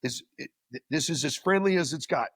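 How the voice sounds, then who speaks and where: A man's voice: a little high, quick pace, a bit bright, slightly rough, no echo, clean studio sound. A man as an interview guest, recounting a story in a casual, anecdotal way and often repeating words as he goes. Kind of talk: storytelling in conversation.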